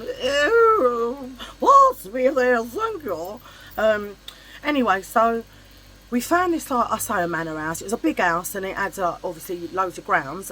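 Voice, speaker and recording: A woman's voice: on the low side, a little hiss or hum, poor audio. A middle-aged woman, telling a long story in a casual vlog, chatty and blunt with some swearing. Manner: chatty, animated and blunt, swears freely, acts out voices in her anecdotes. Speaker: vlogger. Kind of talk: casual storytelling chit chat.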